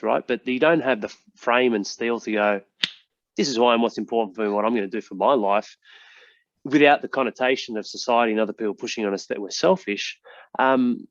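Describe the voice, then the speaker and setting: A man's voice: mid-range voice, dull audio. A man hosting a casual podcast interview, talking emphatically, swearing now and then and calling his guest mate. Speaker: podcast host.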